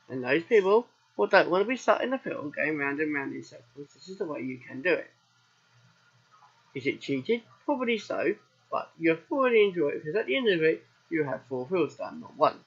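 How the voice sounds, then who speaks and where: A British man hosts a let's play of a farming game, his voice scratchy and husky from a sore throat. He rambles from one aside to the next, often asking a question and then answering it himself. The recording sounds dull and lo-fi. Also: a little high, fairly bright tone. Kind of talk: casual game commentary.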